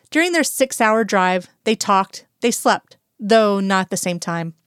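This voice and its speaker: A woman narrating a fan-fiction audiobook in a steady, even storytelling manner. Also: medium pitch, normal speed, hardly any pauses, smooth, dry recording, clean studio sound.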